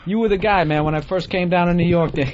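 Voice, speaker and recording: High-voiced swearing podcast host. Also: male voice, quick pace, highs cut off, a little hiss or hum. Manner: swears freely, rambling and animated. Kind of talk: casual profane chat.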